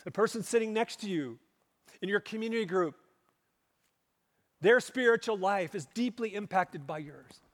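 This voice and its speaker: A male pastor preaching a sermon, pressing hard on key words and then dropping to hushed, low asides. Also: lively intonation, moderate pace, long pauses. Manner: emphatic, swings between loud stresses and hushed low asides. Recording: long hall reverb.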